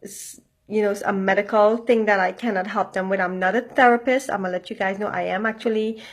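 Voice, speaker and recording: A woman's voice: medium pitch, fairly even intonation, a little fast. Blunt, chatty woman giving life advice. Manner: blunt, repeats herself, swears casually, checks in with "okay?". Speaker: motivational vlogger. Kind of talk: casual direct-to-camera advice.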